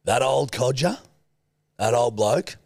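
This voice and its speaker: An Australian man riffs crudely with his co-host, his pitch leaping up and down as he jokes. The sound is dry and close to the mic, with no room around it. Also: lively intonation, slow, gravelly, darkish tone, no room sound. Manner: crude, joking, laddish. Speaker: podcast co-host. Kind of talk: casual banter.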